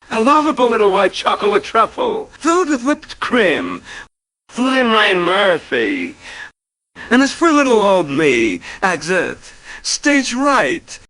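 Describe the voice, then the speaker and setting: A man's voice: extremely high pitch, sharp tone, pitched above the performer's own voice, heavily acted, poor audio. A man doing a flamboyant robot announcer. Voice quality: theatrical, gushing. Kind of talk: scripted show intro.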